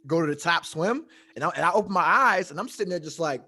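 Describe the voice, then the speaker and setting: A man telling a long story in casual chat, animated and profane, often laughing at his own tale. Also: fairly high pitch, quick pace, slightly rough, no room sound. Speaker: podcast storyteller.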